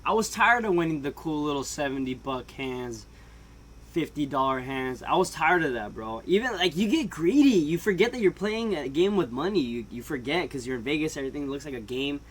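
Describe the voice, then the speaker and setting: A man telling a comedic story in a slightly high voice, loose and slangy, with a laugh never far away. He jumps from loud bursts to hushed asides as he goes. His delivery is animated and casual throughout. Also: a little fast. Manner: laughs often. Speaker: vlogger.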